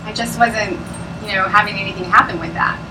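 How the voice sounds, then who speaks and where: A woman's voice: medium pitch, steady tone, a little fast, recorded from a distance, background noise. A woman presenting at a business opportunity meeting, chatty and bubbly, often laughing as she talks to a live audience. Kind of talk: sales pitch talk to a live audience.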